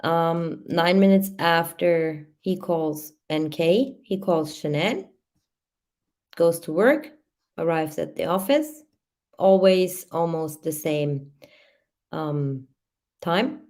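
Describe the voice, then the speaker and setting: Host type: unhurried woman with a lowish voice, reads records and muses aloud between them. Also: a little mellow. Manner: reads timeline aloud with hesitant asides and fillers. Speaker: true crime channel host. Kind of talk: reading and commenting on case records.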